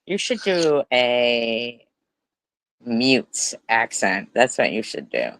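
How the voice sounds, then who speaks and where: A man talks over a clip with heavy sarcasm, mocking and swearing often. He speaks slowly and deliberately. His voice is recorded dry and close, with no room sound. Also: mid-range voice, sing-song, a bit bright, no echo, low-quality recording. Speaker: commentary host. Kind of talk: profane reaction commentary.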